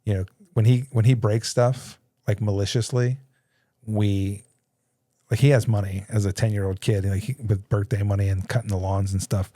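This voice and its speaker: A man's voice: lowish voice, flat delivery, moderate pace, warm tone, dry recording. A man in his thirties hosting a casual studio talk, telling a story with lots of laughter and acted-out voices. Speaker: podcast host. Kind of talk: casual conversation.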